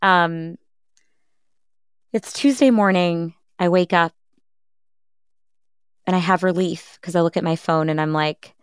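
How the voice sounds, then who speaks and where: A woman's voice: on the low side, slow pace, pauses often, clear, resonant tone, no echo, studio quality. A woman in her thirties, a podcast host, telling her own story in an interview, earnest and reflective, often reenacting what others said. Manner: earnest, reflective, quotes others in lively retellings.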